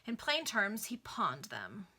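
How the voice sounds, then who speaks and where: A woman's voice: medium pitch, wildly swooping pitch, takes it slowly, bright, forceful tone, breathy edge, heavily acted. A woman voicing a proud, impatient aristocratic lady in a Victorian novel read aloud, pleading and emphatic.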